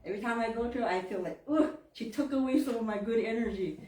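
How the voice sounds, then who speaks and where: A woman in her thirties from tells candid stories during a church talk, mimicking the people she quotes and laughing easily. Her voice sits a little high. She sounds set back from the mic in a roomy church hall. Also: fast, mellow, recorded from a distance. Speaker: church member giving a talk. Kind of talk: personal faith talk.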